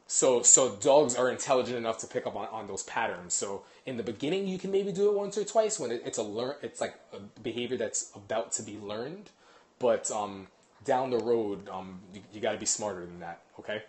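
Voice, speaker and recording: A man's voice: medium pitch, lively intonation, fairly quick, darkish tone. A man, a dog trainer, explaining training casually in a rambling way, with lots of restarts, while moving around his apartment. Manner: rambling, many fillers and restarts. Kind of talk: casual instructional talk.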